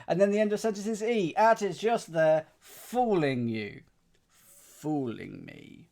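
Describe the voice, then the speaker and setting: Lively man puzzling aloud. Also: sits high, slow pace, creaky. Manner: muses and questions himself aloud, with frequent fillers and self-corrections. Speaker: streamer solving crosswords. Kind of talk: thinking aloud while solving, chatting with live chat.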